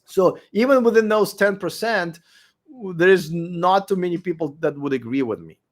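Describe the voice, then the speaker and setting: A man's voice: high-pitched, moderate pace. Blunt man with a weak voice. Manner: blunt, profane, repeats himself while arguing. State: losing his voice. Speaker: livestream host answering viewer comments. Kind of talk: late-night livestream chat.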